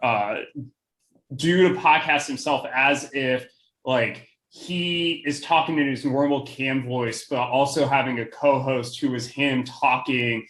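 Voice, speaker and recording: A man's voice: mid-range voice, slow, fairly bright tone. A young man co-hosting a casual podcast chat, who laughs often and talks with many fillers. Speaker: podcast co-host.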